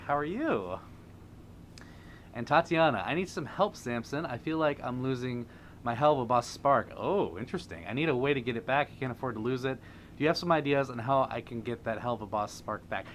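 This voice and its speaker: A man's voice: medium pitch, expressive, normal speed, a little hiss or hum. A man hosting a casual livestream, reading viewer comments aloud and laughing often. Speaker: livestream host.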